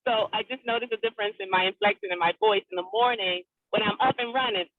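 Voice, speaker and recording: A woman calls in over a tinny, phone-like line with a very dry sound. She talks quickly, eagerly and politely while driving, her voice sitting a little high. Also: dry recording. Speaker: real estate agent on a team call.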